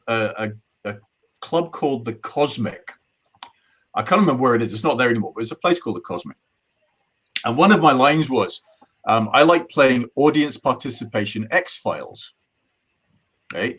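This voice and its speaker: Husky middle-aged man. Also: medium pitch, a bit bright. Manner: rambling storyteller with many restarts. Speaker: magician guest. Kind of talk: casual anecdotal chat.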